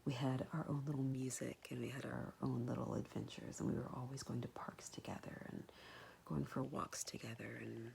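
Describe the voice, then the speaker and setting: A woman whispering a soft, hesitant, tender and apologetic personal message to her son, pausing often. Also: extremely low pitch, gravelly, slight background noise. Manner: soft and hesitant, many pauses and fillers. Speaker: mother speaking to her son.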